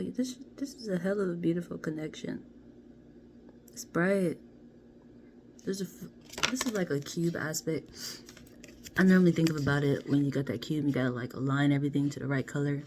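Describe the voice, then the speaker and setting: A woman doing a casual card reading to camera, chatty and playful, often dropping into soft half-whispers. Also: low voice, vocal fry. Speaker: card reader. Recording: steady background noise.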